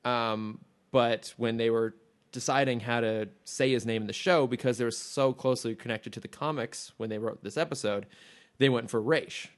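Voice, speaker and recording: A man's voice: mid-range voice, steady tone, moderate pace. A man co-hosting a podcast in casual chat, talking enthusiastically and rambling with restarts and fillers. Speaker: podcast co-host.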